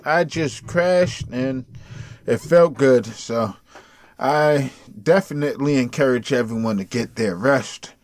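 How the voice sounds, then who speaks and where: A man's voice: on the high side, lively intonation, unhurried, dry recording, clean studio sound. A tired man hosting a casual solo podcast, rambling loosely, swearing freely and chuckling between thoughts. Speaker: podcast host.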